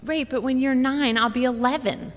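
A woman's voice: sits high, fairly even intonation, moderate pace, long reverb tail, voice pushed up, natural voice. A woman voicing a smug, matter-of-fact eleven-year-old girl in a storybook reading.

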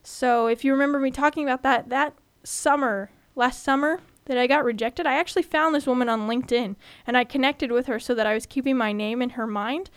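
A woman's voice: sits high, fairly quick, hardly any pauses, smooth, no echo. A young woman in her twenties from California hosting a student podcast, telling personal stories in a candid, chatty way. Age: 20s. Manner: chatty, candid, animated when retelling.

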